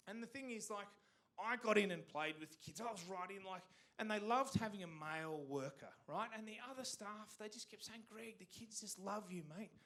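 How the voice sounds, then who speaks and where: Lively Australian man doing stand-up. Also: sits high. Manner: animated, rambling, profane. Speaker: stand-up comedian. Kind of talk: stand-up comedy storytelling. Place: community theatre stage.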